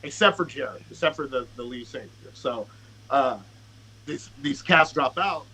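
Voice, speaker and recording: On a podcast, a male rapper guest tells a laid-back, profane story, animatedly acting out what people said. He speaks at an unhurried pace with a medium-pitched, husky voice, and the recording is rough.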